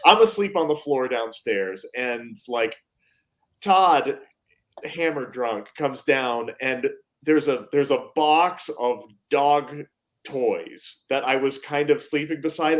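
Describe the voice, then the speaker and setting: A man's voice: mid-range voice, expressive, takes it slowly. Laughing man telling a tour story. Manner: laughing storyteller, lots of fillers. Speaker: band member. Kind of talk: casual live-stream chat.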